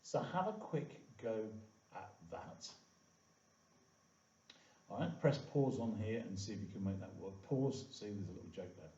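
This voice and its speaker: This man speaks in a lowish, mellow voice with lively intonation, keeping a measured pace and pausing often. He's teaching viewers a screen-recorded coding tutorial in a casual way, leaning on "okay" and "all right." Everything sounds distant and echoey, with a dull lo-fi room tone.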